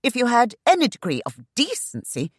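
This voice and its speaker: A woman voicing a haughty, sharp-tongued young heiress who gives orders without pause. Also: a little high, huge pitch swings, breathy edge, no echo, studio quality, pitched above the performer's own voice, exaggerated voice. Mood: scathing. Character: haughty young lady estate heiress, fiery.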